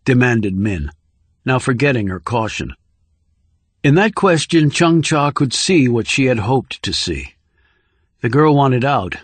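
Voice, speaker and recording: A male audiobook narrator with a mid-pitched voice reads a thriller in a measured, steady way. The sound is dry and close, with no room around it. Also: dry recording. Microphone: close studio microphone.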